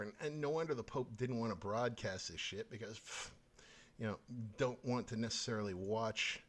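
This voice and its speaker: A male podcast host in a furious, profane rant. He curses constantly and talks in a scornful, heated way. His voice sits at an ordinary middle pitch. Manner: angry, swearing, scornful.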